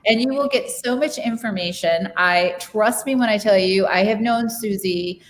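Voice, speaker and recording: A woman's voice: medium pitch, moderate pace, slight background noise. A woman hosting a podcast, chatting with her guest over a video call. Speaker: podcast host. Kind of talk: casual interview chat.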